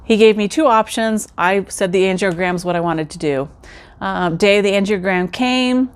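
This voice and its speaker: A woman's voice: mid-range voice, moderate pace, clean tone. Chatty woman telling her story. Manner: chatty, addresses viewers directly, acts out quoted remarks. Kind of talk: casual personal storytelling.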